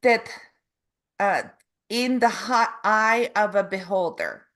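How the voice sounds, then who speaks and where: A woman who interviews her guest in a halting way, searching for words and restarting her phrases. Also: mid-range voice, fairly bright tone. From Canada. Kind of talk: casual interview.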